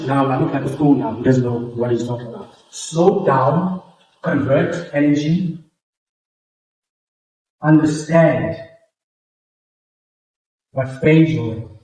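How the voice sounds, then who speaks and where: A man's voice: medium pitch, slow, long pauses, darkish tone, distant mic. A public speaking coach, a man whose first language is Xhosa, speaks English with a South African Xhosa accent. He teaches a workshop, explaining and repeating points and demonstrating as he goes. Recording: very echoey room, voice from afar.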